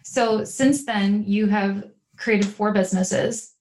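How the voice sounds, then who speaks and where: A woman hosting a podcast interview, asking reflective questions in a gentle, probing way with some "um"s. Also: medium pitch, fairly even intonation, slow pace, slight background noise. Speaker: podcast host. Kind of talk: conversational interview.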